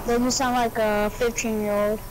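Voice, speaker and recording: A young person teasing a streamer over game voice chat in a blunt, joking way. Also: female voice, on the high side, little pitch movement, moderate pace, background noise. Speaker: random teammate.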